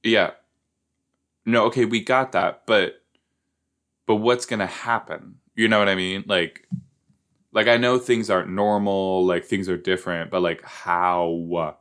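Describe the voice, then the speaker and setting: A man with a low-set voice talks through a TV episode in a casual reaction show. He takes his time, drawing out his words, but gets excitable and jokey and jumps into sudden high squeals. It sounds like an easygoing solo commentary. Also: a little slow, clear, resonant tone.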